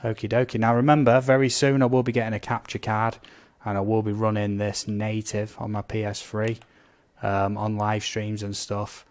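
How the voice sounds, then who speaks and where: A man's voice: fairly low pitch, completely flat delivery, moderate pace, darkish tone. A man chatting casually as he streams a game, reading out viewer comments and blurting out little sound effects. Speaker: gaming live streamer.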